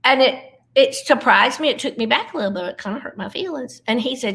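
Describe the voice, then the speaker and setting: A middle-aged woman, giving an earnest, folksy devotional talk over a video call, slowing down for emphasis. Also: a little high, animated, fairly bright tone. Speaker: Christian comedian speaker.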